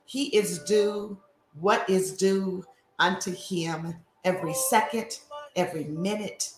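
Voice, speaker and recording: A woman's voice: lowish voice, slow, reverberant, noisy background. A woman hosting a prayer call, fervently reciting scripture and greeting listeners with repeated phrases. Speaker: host of a women's prayer call.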